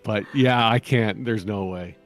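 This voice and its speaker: A man's voice: on the low side, a little slow, faint music behind. A man chatting casually on a live stream, rambling and joking and laughing often. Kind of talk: casual chat.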